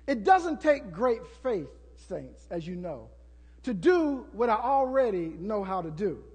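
A man preaching a sermon as pastor, building to shouts and acting out prayers to the congregation. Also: sits high, big pitch swings, takes it slowly, long pauses, husky, in a large hall.

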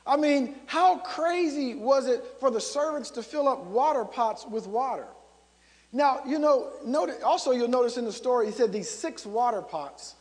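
A man's voice: extremely high pitch, darkish tone, in a large hall. A man preaching a sermon as a pastor, conversational and storytelling, driving points home with emphatic repetition.

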